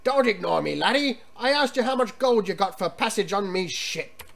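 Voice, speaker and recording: A man's voice: high-pitched, expressive, normal speed, gravelly, fairly bright tone, a little hiss or hum, full character voice. Man doing a drunken old pirate captain. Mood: drunken gruff.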